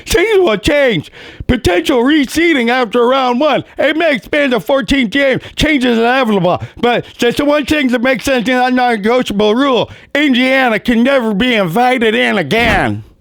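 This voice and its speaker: A man's voice: very high voice, animated, normal speed, fairly bright tone, no room sound, pitched above the performer's own voice, heavily acted. A man doing a mocking impression of a male sports radio host, talking in a slurred, sloppy way.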